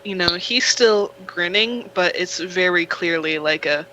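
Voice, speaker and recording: A game master narrating a tabletop role-playing game in an unhurried, hesitant way. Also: medium pitch, sharp tone, highs cut off, slight background noise.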